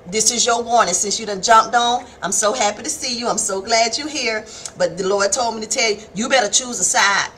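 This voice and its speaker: High, bright-voiced woman preaching. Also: fairly quick, slight background noise. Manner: folksy, animated preaching, calls listeners baby and honey. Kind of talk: live-streamed devotional sermon. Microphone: phone or webcam on a live stream.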